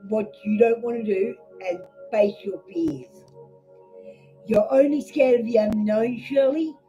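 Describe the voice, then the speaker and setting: A blunt Australian woman doing a live card reading, her voice pitched a little high yet very warm and mellow. She swears freely and talks straight, and the sound is dull and lo-fi, with faint music behind her. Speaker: tarot reader. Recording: dull lo-fi stream audio.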